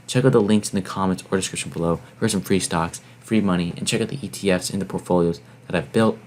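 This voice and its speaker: Deep-voiced man explaining dividend math. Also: fast, a little mellow, slight background noise. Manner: motivational, walks through calculations step by step. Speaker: finance channel host. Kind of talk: explaining to camera.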